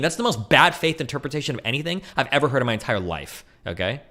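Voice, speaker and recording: A man streaming fast, heated commentary, arguing and swearing, with frequent "right?" and "okay?" tags. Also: mid-range voice, expressive, bright, forceful tone. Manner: argumentative, profane, rhetorical "right?" tags. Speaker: streamer debating online.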